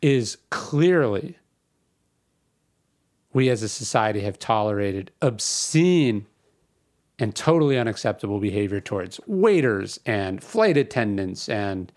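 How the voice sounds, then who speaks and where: A man's voice: on the low side, sing-song, measured pace, darkish tone. Conversational man hosting a podcast. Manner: conversational, ranting, emphatic with repetition. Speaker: podcast host. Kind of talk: casual spoken commentary.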